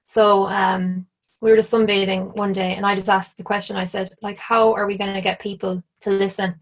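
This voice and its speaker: Irish woman guest, mid-pitched, casual storyteller who keeps saying "like". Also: level tone, a little fast. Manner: chatty, full of "like", acts out quoted lines. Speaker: interview guest.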